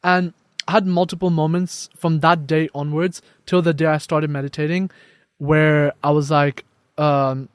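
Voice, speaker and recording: A young man guest on a podcast, telling his story in casual conversation and acting out quoted dialogue with lively shifts. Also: a little high, measured pace, clear, resonant tone, no room sound, clean studio sound. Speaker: podcast guest, life coach.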